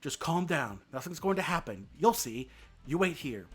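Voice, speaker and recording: A man voicing an earnest young male deer, talking a little higher than his own voice. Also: sing-song, normal speed, slightly rough. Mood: resolved.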